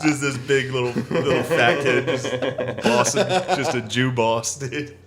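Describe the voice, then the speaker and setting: A man's voice: mid-range voice, steady tone, measured pace. A man co-hosting a podcast, telling crude stories in casual chat and laughing often, with crowd noise behind. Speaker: podcast co-host.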